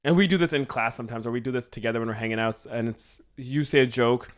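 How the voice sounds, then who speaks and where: Rambling young man pitching ideas. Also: quick pace. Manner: rambling, animated, swears freely, acts out dialogue. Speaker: podcast co-host. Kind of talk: casual brainstorming chat.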